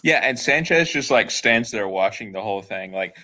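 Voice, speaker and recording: A man hosting a casual film podcast, talking in a relaxed, chatty way with many fillers. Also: lowish voice, moderate pace. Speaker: podcast host.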